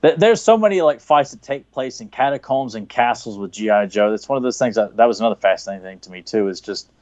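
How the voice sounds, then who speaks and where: A man with a Southern US accent chatting casually as a podcast co-host, excited and rambling, with lots of fillers and restarts. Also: medium pitch, fast talker, dry recording, dull audio. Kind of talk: casual chat, watching a cartoon.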